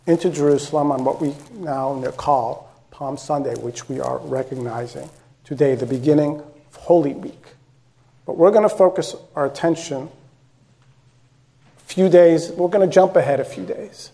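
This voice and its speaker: Male pastor, sermon, high voice, slow and deliberate, repeats key lines, talks straight to listeners. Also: a little mellow. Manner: conversational, direct address, repeats phrases for emphasis.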